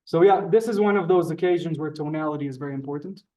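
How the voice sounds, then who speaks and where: A man's voice: a little high, darkish tone. Man teaching a Hebrew class. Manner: halting, repeats words, greets latecomers politely. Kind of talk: live classroom lesson.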